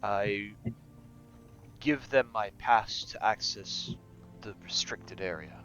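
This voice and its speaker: A man voicing a calm senior academy master who speaks in a measured, formal way. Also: on the low side, soft background music. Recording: dull lo-fi recording.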